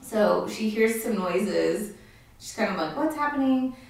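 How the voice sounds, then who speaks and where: A woman co-hosting a podcast chats casually about a horror film, speaking slowly at medium pitch with a creaky voice. She laughs, fills her talk with likes and ums, and acts out quotes. She's recorded off mic from a distance in a very echoey room.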